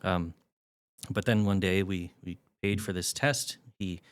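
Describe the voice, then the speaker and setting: A man's voice: sits low, fairly even intonation, a little slow, clean tone. A middle-aged man, a guest on a podcast, telling candid stories about parenting with wry self-deprecating humor. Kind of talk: candid storytelling in an interview.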